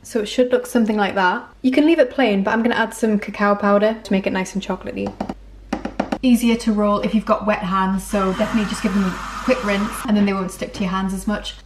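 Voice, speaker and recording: A woman's voice: mid-range voice, fairly even intonation, quick pace, roomy sound, background noise. A young woman walking through recipes in her home kitchen, chatty and self-mocking. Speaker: cooking vlogger. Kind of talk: casual recipe walkthrough.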